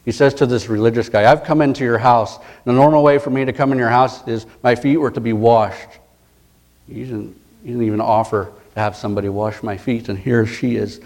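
A man's voice: mid-range voice, a little mellow. A male pastor preaching a sermon, retelling stories in a conversational way with frequent repeated words and restarts.

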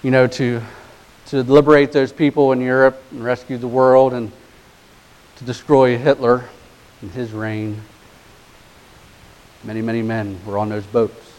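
A male pastor delivering a sermon, moving from hushed, low passages to rising, emphatic exhortation, stressing key words slowly and deliberately. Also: flat delivery, poor audio.

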